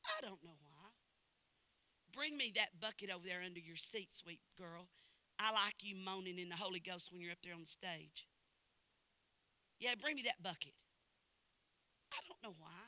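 An older woman from Knoxville, Tennessee, with an East Tennessee Southern accent, preaching a church sermon with emphatic repetition that swings from loud to hushed. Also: on the low side, expressive, normal speed, long pauses. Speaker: guest preacher. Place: church service.

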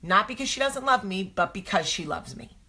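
A woman's voice: medium pitch, sing-song, normal speed, sharp tone, husky. A woman host, talking casually and animatedly to her viewers, asking rhetorical questions. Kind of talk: casual motivational talk to viewers.

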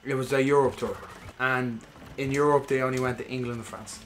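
A man's voice: medium pitch, fairly quick, soft background music. Guy, game-stream co-host, loose and sweary, acts out every quote. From Ireland. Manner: swears freely, animated storytelling with acted-out quotes. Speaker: gaming podcast co-host. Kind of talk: casual chat while playing a game.

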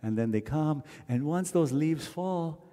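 A man from Canada leading a wedding ceremony, telling stories in a gently reflective way and now and then chanting verses. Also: a little high, expressive, unhurried. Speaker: wedding officiant. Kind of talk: wedding sermon with sung verses. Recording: long hall reverb.

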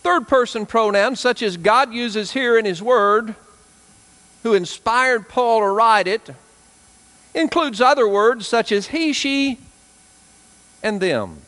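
A man from South Arkansas with a Southern drawl, a pastor preaching a sermon, rising to emphatic peaks and dropping to hushed, slow lines. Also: very high-pitched, expressive, big-room sound. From South Arkansas, USA.

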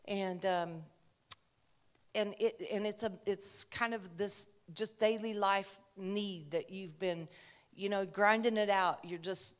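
A woman's voice: medium pitch, fairly even intonation, takes it slowly. A woman preacher giving a conversational sermon, telling a personal story with chatty asides.

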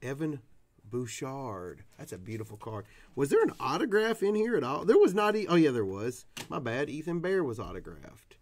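A man's voice: medium pitch, big pitch swings, normal speed, a little mellow. A man from Tennessee, hosting a casual card-opening stream in a rowdy, profane, whooping way. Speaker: card breaker host. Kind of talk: casual live stream chat.

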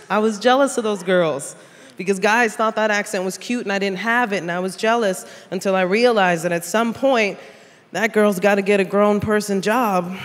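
A woman, doing a teasing, brash stand-up comedy set. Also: mid-range voice. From South Bronx, New York. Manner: brash, teasing, puts on characters' voices. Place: large theater stage with cheering audience. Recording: live stage sound in a big hall with a loud crowd.

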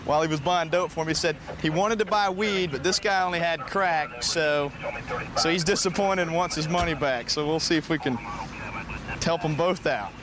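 A male police officer giving calm, firm, repeated commands and explaining a street stop. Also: fairly high pitch, moderate pace. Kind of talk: on-duty commands and commentary. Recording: outdoor street noise.

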